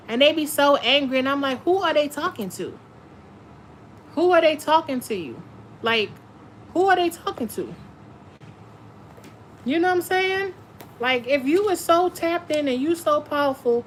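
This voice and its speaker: A woman's voice: on the high side, a bit bright, slight background noise. A woman doing a tarot reading in a blunt, profane, casual way, sometimes reading passages aloud. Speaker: tarot reader. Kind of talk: casual spiritual chat and card reading.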